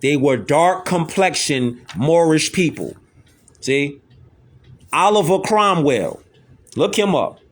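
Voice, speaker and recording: A man's voice: on the high side, sing-song, takes it slowly, long pauses, breathy edge. A man hosting, giving emphatic commentary over images and clips, repeating himself to drive points home. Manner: insistent, repetitive, keeps asking "see that?".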